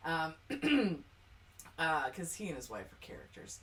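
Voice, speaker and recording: A bright-voiced woman chats and tells stories on a podcast, her pitch sitting a little low and swinging widely. She laughs often as she talks. She sounds set back from the microphone. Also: takes it slowly. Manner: animated storyteller, often laughing. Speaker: podcast co-host. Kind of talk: casual chat. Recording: distant mic.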